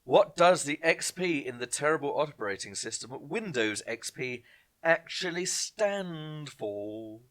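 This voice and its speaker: A man with a bright, forceful voice hosts a casual online quiz. He reads each question slowly and twice, dropping chatty jokes in between. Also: mid-range voice, expressive. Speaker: quiz host. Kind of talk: casual live-stream quiz hosting.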